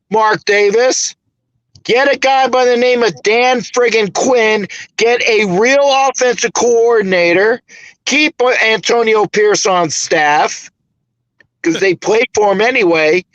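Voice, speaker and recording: A man's voice: high voice, fairly bright tone, no echo, highs cut off. A man hosting a casual sports podcast, talking in an emphatic, rambling way with some swearing. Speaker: podcast host.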